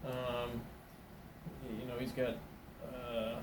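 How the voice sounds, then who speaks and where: A man's voice: medium pitch, monotone, slow, echoey room, far from the mic, background noise. A man doing stand-up comedy and telling a meandering story, full of fillers and restarts, putting on small voices for the people in it. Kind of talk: rambling comic storytelling.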